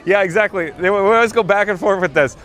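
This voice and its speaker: A man's voice: high voice, fast talker, fairly bright tone. A man hosting a livestream while walking outdoors through a theme park, reading viewer comments aloud in a chatty, upbeat way. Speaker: livestream host.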